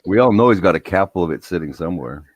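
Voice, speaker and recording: A man's voice: deep voice, lively intonation, rapid-fire, a little hiss or hum. A man chatting on a live stream, laid-back with a dry, teasing wit. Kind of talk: casual live-stream chat.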